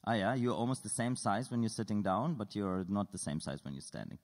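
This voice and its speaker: A man's voice: on the low side, expressive, a little fast, a little mellow, in a large hall. A man giving a lecture at an art school, playfully polling the audience with show-of-hands questions and dry humor.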